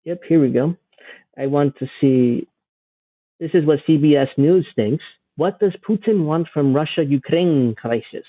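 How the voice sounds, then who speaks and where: A man's voice: on the high side, a little slow, no echo, narrow, tinny audio. A man hosting a livestream, giving sarcastic, rambling political commentary. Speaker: livestream host.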